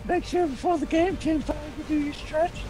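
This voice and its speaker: A man's voice: very high-pitched, fairly even intonation, brisk, over music, pitched above the performer's own voice, low-quality recording. A man putting on the voice of a creepy, leering old man while gaming with friends on voice chat. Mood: creepy coaxing.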